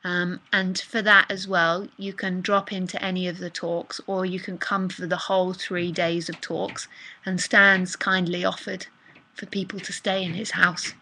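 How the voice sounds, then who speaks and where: A woman's voice: lowish voice, flat delivery, unhurried, pushed and bright, slight background noise, low-quality recording. A woman giving a live spiritual talk in a casual, chatty manner that circles back and repeats itself. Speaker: spiritual teacher.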